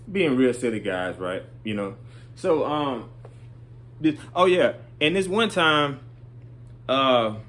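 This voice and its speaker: A middle-aged man spins a casual story in a loose, rambling way. He keeps tossing in little check-ins, and his voice sits at an ordinary, middle pitch for a man. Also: fairly bright tone.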